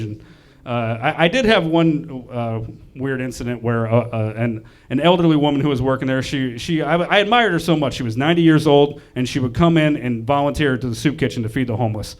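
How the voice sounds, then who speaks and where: A young man with a mid-range voice talks fast during a stand-up set on a club stage. He's lively and self-deprecating, acting out the people in his stories.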